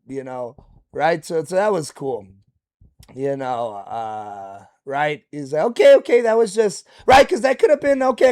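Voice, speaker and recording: A man hosting a reaction video, commenting excitedly and casually, often restarting his sentences. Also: on the high side. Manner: excitable, lots of fillers and restarts.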